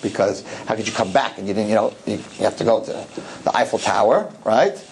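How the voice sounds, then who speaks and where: Animated joking man addressing an audience. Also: on the low side, creaky, slight background noise. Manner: animated, joking, rapid-fire asides and repetitions. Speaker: rabbi giving a public talk. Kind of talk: humorous storytelling talk to a live audience. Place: hall with a live audience.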